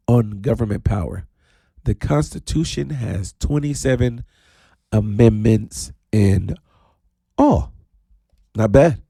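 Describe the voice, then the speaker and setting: A man hosting his own radio talk show, talking in a playful, animated way with sudden high drawn-out calls. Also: vocal fry, husky, no echo, studio quality. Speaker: radio DJ host. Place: radio studio.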